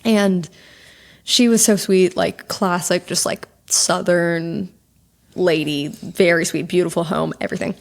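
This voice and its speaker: Chatty young woman with gravelly voice. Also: fairly low pitch, steady tone, measured pace. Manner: chatty storyteller, lots of fillers. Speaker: podcast co-host. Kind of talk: casual chat.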